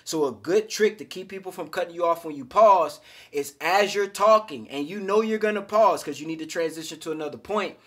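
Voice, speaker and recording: A man's voice: a little high, brisk, a bit bright, husky. A man giving casual, emphatic self-improvement advice straight to his viewers, calling them fellas. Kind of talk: direct-to-camera advice talk.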